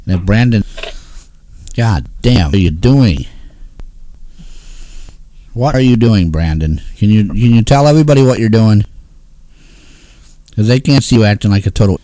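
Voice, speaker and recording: A man's voice: on the low side, normal speed, long pauses, warm tone, a little hiss or hum. A man hosting a casual talk show, ranting in an exasperated, grumpy way and swearing often. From Northeastern United States. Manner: grumpy, cursing, exasperated rants. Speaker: host.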